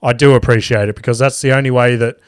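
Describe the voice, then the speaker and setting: Sweary podcast host. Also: male voice, mid-range voice, fairly even intonation, fast talker, clean tone, no room sound, studio quality. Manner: rambling, sweary, self-mocking, lots of restarts. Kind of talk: solo comedy podcast storytelling.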